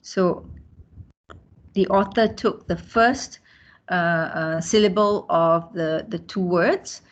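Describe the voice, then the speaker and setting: A woman lecturer with a Malaysian accent, teaching a class and pausing often with fillers and restarts. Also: on the low side. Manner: hesitant, many fillers and restarts. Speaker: university lecturer. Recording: dull lo-fi sound.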